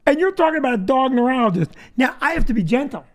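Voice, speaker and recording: A man's voice: extremely high pitch, animated, fast talker. A man telling a comic story as host of a live show, laughing through his own jokes. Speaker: comedian host. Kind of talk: comedic storytelling.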